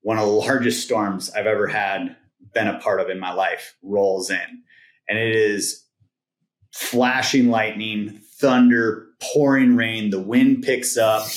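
A man's voice: lowish voice, steady tone, measured pace. A man, a podcast guest, rambling through a story with lots of "like" and "right?". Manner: rambling, filler-heavy retelling with "like" and "right?". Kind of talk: casual storytelling. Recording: roomy echoing sound.

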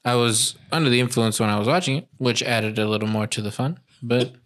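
A man's voice: mid-range voice, quick pace. A man co-hosting a podcast, chatting casually and breaking into joking mock accents. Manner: animated, slips into mock accents for jokes. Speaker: podcast co-host. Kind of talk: casual chat.

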